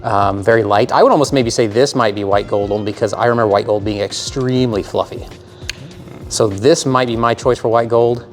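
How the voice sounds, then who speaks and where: A man's voice: fairly low pitch, a little fast, soft background music. A man co-hosting a climbing video, chatting casually and joking, breathing heavily as he talks. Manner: playful, jokey, breathes heavily. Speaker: climbing channel co-host. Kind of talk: casual chat.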